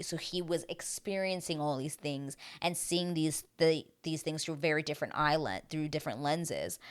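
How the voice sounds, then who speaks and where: A woman giving a casual, chatty recap of a reality show, talking animatedly and filling her sentences with "like.". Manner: animated, heavy use of "like", dramatic swings in pitch and loudness.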